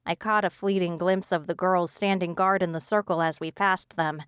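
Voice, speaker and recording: A woman narrating a fantasy audiobook in a measured storytelling manner. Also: on the low side, fairly even intonation, fairly bright tone, smooth, no room sound, clean studio sound. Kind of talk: scripted narration.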